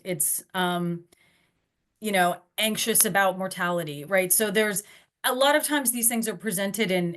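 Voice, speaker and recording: A woman giving an online lecture at a mid-range pitch. She talks conversationally and loosely, often pausing on fillers and restarting her sentences as she explains. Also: a bit bright.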